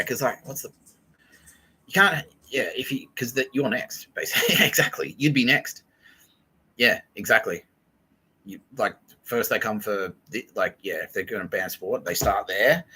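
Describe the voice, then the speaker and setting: A man's voice: sits low, pushed and bright, slight background noise, low-quality recording. A man hosting a podcast, rambling in a casual, profane monologue and laughing often. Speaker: podcast host.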